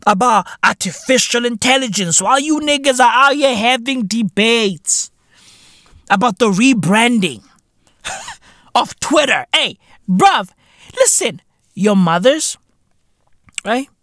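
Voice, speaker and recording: Man with British slang, comic podcast rant host: swooping delivery, unhurried, profane. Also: very high voice, no echo, clean studio sound. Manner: animated, profane, slangy, laughing between lines. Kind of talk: comedic rant monologue.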